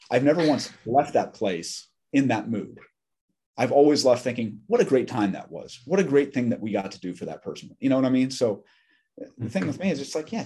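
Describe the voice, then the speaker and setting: A man's voice: mid-range voice, a little mellow, breathy edge. A middle-aged man telling candid, joking stories as a podcast guest. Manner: candid and joking, with wry asides. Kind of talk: casual conversational storytelling.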